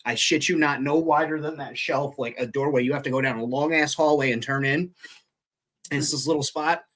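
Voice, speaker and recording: A man from upstate New York, telling a story in a casual chat, animated and full of swearing. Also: fairly high pitch, brisk.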